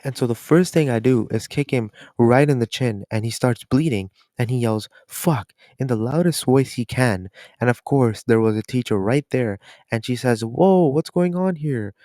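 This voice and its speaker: A teenage boy records a casual storytime voice-over for a gameplay video. He is chatty and swears freely, leaning on "so basically" as he goes. His voice sits at an ordinary pitch and sounds dry and close to the mic. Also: normal speed, mellow, no room sound. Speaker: storytime YouTuber.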